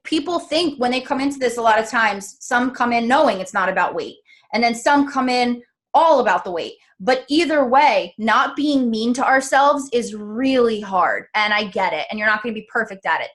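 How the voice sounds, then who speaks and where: A woman's voice: on the high side, a bit bright. A woman in her thirties hosting a casual live stream, talking straight to her viewers in a chatty, encouraging way. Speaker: host.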